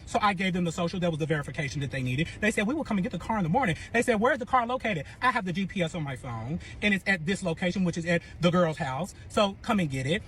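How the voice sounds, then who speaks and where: A man's voice: high-pitched, a bit bright, a little hiss or hum. A man telling a dramatic breakup story in a profane, boastful rant, acting out the other voices. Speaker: storyteller in a reacted clip.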